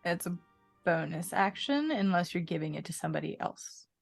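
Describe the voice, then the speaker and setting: Calm woman game master. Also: lowish voice, moderate pace, creaky, faint music behind. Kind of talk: narrating and ruling a tabletop game.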